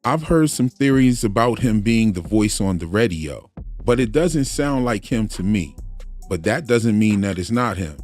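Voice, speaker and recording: A man walks through TV mystery theories in casual commentary, reasoning aloud as he goes. His voice sits on the low side. Soft music plays beneath him. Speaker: YouTube theory channel host.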